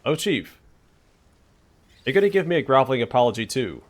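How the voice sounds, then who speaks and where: A man's voice: mid-range voice, very animated, a little fast. A man reading the lines of a cocky, greedy young rogue in a game, talking breezily and teasing. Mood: breezy.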